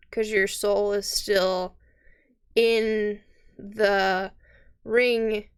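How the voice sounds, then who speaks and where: A woman at a tabletop game table, talking slowly and deliberately with a smooth, crisp voice. She lays out rules in long explanations, swearing casually along the way. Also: medium pitch. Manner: explains rules at length, swears freely, sarcastic. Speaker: player.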